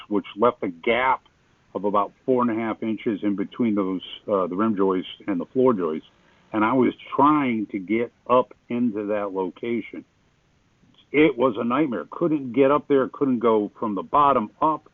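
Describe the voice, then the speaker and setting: A man's voice: mid-range voice, no echo. A man hosting a home remodeling video, explaining the work in a folksy, self-deprecating way. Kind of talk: casual how-to narration. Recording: tinny, phone-like dry sound.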